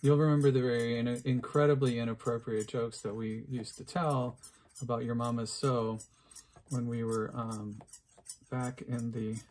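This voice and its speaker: Middle-aged male craft vlogger, rambling, self-deprecating and chatty, mid-pitched voice. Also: fairly bright tone, slight background noise. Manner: rambling, self-mocking, chatty with many fillers. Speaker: crafts video host. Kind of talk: unscripted casual craft vlog.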